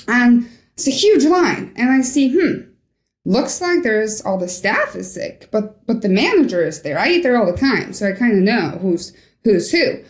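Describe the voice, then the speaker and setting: A young woman from Norway recounts a personal story as a guest, slipping into the voices of the people she quotes. Her voice sits a little high. The recording has a noticeable roomy echo. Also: moderate pace. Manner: animated storyteller, acts out quoted dialogue. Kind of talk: storytelling interview.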